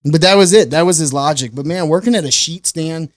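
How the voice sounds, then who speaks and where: A man's voice: fairly high pitch, fairly quick, no room sound. A man from St. Louis telling stories as a podcast guest in casual chat, acting out other people's voices and swearing casually. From St. Louis, USA. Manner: animated storyteller, acts out quoted voices, laughs often, swears casually.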